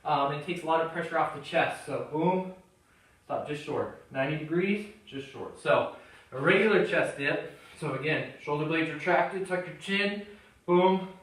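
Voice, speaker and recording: This exercise tutorial features a male trainer showing how to do chest dips, his voice fairly high and a bit bright at a moderate pace. Slightly winded, he offers cues and encouragement, captured from a distance in a very echoey gym.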